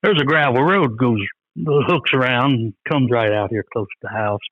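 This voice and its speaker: This guest, an older coon hunter, speaks at a moderate pace in a mid-range voice, telling rambling, folksy stories in an interview and often quoting what others said. The audio sounds narrow and tinny.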